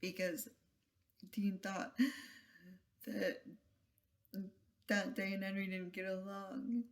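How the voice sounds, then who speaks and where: Slow, soft-spoken emotional vlogger. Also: mid-range voice, flat delivery, creaky. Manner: soft, halting and emotional, with trailing phrases and whispered asides. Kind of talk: casual spoken vlog retelling.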